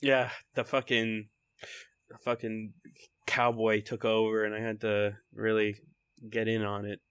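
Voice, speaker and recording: Excitable young man with a faint Texan accent. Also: lowish voice, measured pace, smooth, dry recording. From Texas. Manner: excitable, rambling, laughs often, swears casually. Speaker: podcast co-host. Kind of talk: casual podcast chat.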